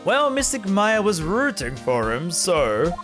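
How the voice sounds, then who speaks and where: A polite, curious little girl from a video game, as a streamer reads her lines. Slow and lively in pitch, with game music clearly behind.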